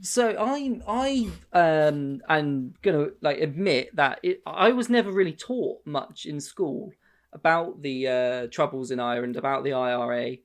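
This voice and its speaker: A man with a fairly high, slightly slow voice co-hosts a podcast. He chats casually, rambling, restarting often and swearing freely.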